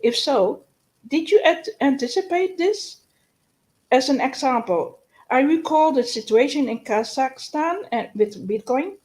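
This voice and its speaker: Slow, halting woman with a high voice. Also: lively intonation, darkish tone, low-quality recording. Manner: halting, stumbles and restarts often; exasperated, complaining. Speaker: host of live news and Q&A. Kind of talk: live stream news update.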